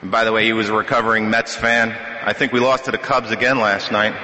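A middle-aged man tells his story from a podium in a piercingly bright, edgy voice, joking at his own expense as he goes. His words ring out through a big hall with a long, lingering echo. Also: lowish voice, level tone, fast talker. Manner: conversational storytelling with self-deprecating humor. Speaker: speaker sharing at a recovery meeting. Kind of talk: personal testimony at a podium. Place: meeting hall. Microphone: podium microphone. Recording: echoey hall with long reverb.

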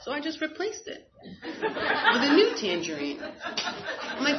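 Over a noisy crowd, a guest with a fairly high voice speaks unhurriedly, with big pitch swings and long pauses. She recounts a personal story in a frank, wry manner, full of fillers and laughing bursts, on slightly dull, faintly noisy audio.

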